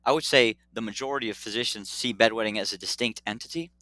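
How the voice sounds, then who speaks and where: Bright-voiced animated male doctor. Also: fairly low pitch, fast, no echo. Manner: animated, acts out dialogue, laughs often. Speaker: pediatric urologist guest. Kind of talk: casual storytelling interview.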